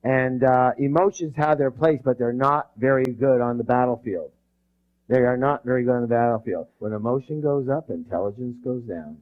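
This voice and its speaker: A motivational seminar speaker with a mid-range voice gives an energetic live talk with call-and-response, drilling the audience with rhetorical questions. He's emphatic and bursts out loudly when stressing passion. The recording is muffled, dull and lo-fi.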